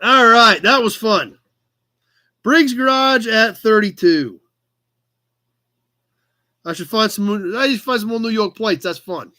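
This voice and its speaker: A man running a casual livestream auction and chatting easily with his viewers. His voice sits very high for a man and sounds bright and forward. He keeps an upbeat, talky flow as he reads out bids. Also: slow, long pauses. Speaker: live auction host.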